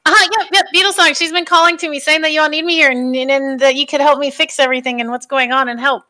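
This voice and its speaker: A woman's voice: high-pitched, steady tone, fast talker, sharp tone. A woman role-playing a curious, flustered young female adventurer who stammers and rambles. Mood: eager.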